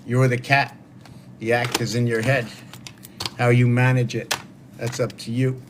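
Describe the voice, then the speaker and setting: A man's voice: medium pitch, level tone, a little slow, noisy background. A man hosting a solo livestream, musing aloud in a wandering way and talking to his viewers. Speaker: livestream host. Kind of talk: rambling solo livestream talk.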